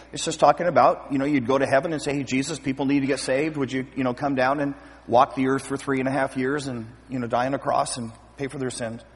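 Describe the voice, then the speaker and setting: A man preaching a sermon as pastor, lively and acting out scripture scenes with voices. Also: a little high, breathy edge. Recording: long hall reverb.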